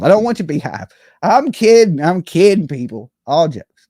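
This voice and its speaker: A man with a drawl hosts his own call-in stream and rants in a loose, cocky way, full of swearing and jokes. His voice sits a touch high and sounds dry and close to the mic. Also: very animated, normal speed, dark tone, no echo. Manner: boastful, profane, jokey, keeps asking "you know what I'm saying". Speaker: online show host. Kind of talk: casual ranting monologue.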